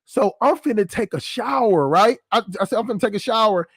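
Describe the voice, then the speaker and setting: Brief: high-pitched man, dry close sound, casual profane storyteller who keeps checking in with the audience. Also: expressive, brisk, slightly rough, dry recording. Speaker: channel host.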